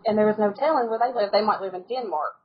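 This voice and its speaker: A woman's voice: mid-range voice, quick pace, slightly rough, dull audio. A woman from the United States, telling stories as a podcast guest in a casual, chatty way and laughing often. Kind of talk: casual interview chat.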